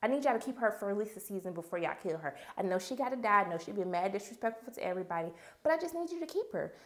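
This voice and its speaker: A woman's voice: mid-range voice, racing. A young woman, casually recapping a TV episode and acting out the characters' lines. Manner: animated storyteller, acts out characters' lines. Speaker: TV review vlogger.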